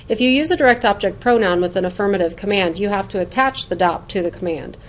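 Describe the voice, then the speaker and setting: A woman with a medium-pitched, animated voice talks fast in a recorded Spanish lesson, with slight background noise. She explains clearly and patiently, and chants word lists in a sing-song rhythm.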